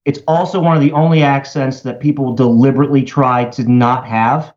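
A man's voice: medium pitch, steady tone, fairly quick, darkish tone. A man with a Baltimore accent hosting a casual chat, rambling and joking with lots of fillers. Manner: rambling, jokey, many fillers. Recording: slightly dull lo-fi audio.

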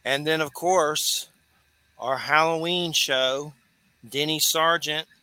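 A man, a bright, forceful voice pitched a little high for a man. He hosts radio in a loose, rambling way, laughing easily between asides. The sound is close and dry, with no room around it. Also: steady tone, takes it slowly, clear, resonant tone, no echo. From Georgia, US. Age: 40s. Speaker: radio show host. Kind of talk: casual radio talk.

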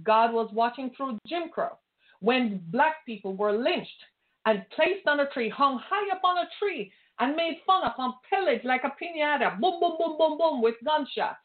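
A woman's voice: high voice, expressive, moderate pace. A woman preaching an impassioned sermon, pressing her listeners with pointed rhetorical questions. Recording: tinny phone-like line.

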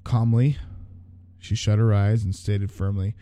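A man reads a story aloud, then breaks off into sarcastic, swearing asides. His voice is very dark and mellow, at an average pitch. The recording is dry and close. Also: steady tone, unhurried, no echo. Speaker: reader. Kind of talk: reading fan fiction aloud with joking commentary.

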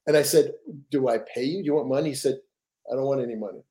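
A man's voice: medium pitch, fast talker, warm tone. An older man, a guest author, telling stories in a rambling, casual way with repeated words and laughs. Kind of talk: casual storytelling.

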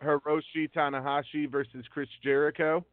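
Over tinny phone-line audio with a bit of background noise, a wrestling news podcast host chats casually. His fairly high voice is flat and at normal speed as he works unhurriedly through long name lists, saying um a lot.

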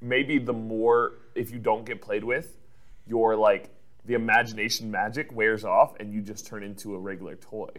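A man's voice: on the low side, steady tone, fairly bright tone. A man co-hosting a podcast, recapping in casual chat with frequent laughs and fillers. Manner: chatty recapping, quick laughs, many fillers.

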